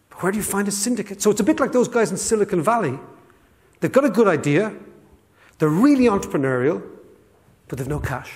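A man in his fifties with an Irish accent, giving a storytelling talk to an audience with lively asides. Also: high-pitched, quick pace, long pauses, big-room sound. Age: 50s. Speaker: speaker. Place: school hall on stage.

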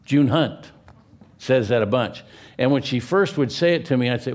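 A man's voice: mid-range voice, animated, moderate pace, darkish tone. A man in his seventies from California, preaching a sermon in a church, telling stories with a joking, folksy manner. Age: 70s. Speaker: pastor. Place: church sanctuary.

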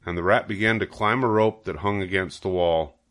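An older man reading a children's book aloud in a steady, unhurried narration. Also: low-pitched. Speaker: storybook reader.

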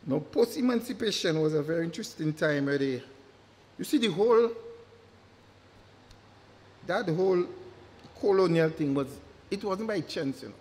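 A man delivers a public lecture in a fairly high voice. He speaks emphatically and leans on repeated words to drive his points home. His voice carries a long reverb, as if it were recorded in a large hall. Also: lively intonation, moderate pace, pauses often, darkish tone.

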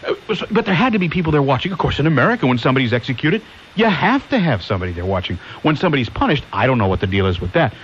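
A man's voice: mid-range voice, big pitch swings, racing. A man hosting a conservative call-in talk radio show who rambles and keeps asking listeners rhetorical questions. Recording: hissy lo-fi 1990s AM radio.

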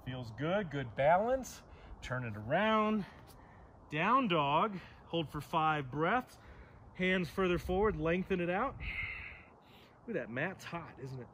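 A man's voice: on the high side, lively intonation, slow, fairly bright tone, a little hiss or hum. Joking male yoga instructor outdoors. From Southern California. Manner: joking asides between pose cues. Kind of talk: guided yoga class.

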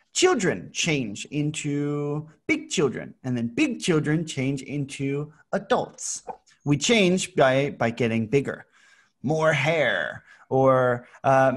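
Male teacher, American, playful with kids, slightly high and very lively pitch. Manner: playful, animated, with sound effects. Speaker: English teacher. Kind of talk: teaching a children's class.

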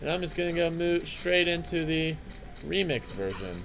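An excitable young man commentating a video game, his voice leaping up and down as he trash-talks enemies and chants silly rhymes. He talks a bit high for a guy, and faint music runs underneath. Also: moderate pace, vocal fry. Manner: excitable, trash-talking, jokey asides, sing-song chanting. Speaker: gaming channel host. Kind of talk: let's play commentary.

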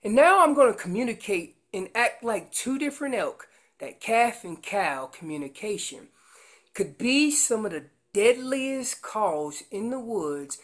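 A woman gives an elk-calling seminar at a slow, unhurried pace. She walks through each call with homely comparisons to family life. Now and then she bursts into loud, acted-out voices. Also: mid-range voice. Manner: explains with everyday comparisons; breaks into loud acted voices of calves and parents. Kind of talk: seminar presentation with slides.

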